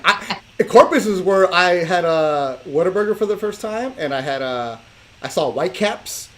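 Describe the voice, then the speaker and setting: A man from Los Angeles hosts a casual interview podcast. His pitch swings widely as he jokes in slang and acts out his stories. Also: moderate pace. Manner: slangy, joking, animated storyteller. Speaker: podcast host.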